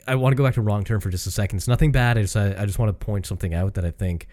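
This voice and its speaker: A man's voice: lowish voice, rapid-fire, darkish tone. A Canadian man co-hosting a podcast, chatting casually and rambling with frequent restarts and swearing. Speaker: podcast co-host. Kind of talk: casual chat.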